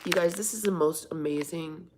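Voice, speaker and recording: A middle-aged woman hosts a casual livestream from home, rambling and chatting as she reads viewer comments and answers people by name. Her voice is deep, her pace moderate, and the background is noisy.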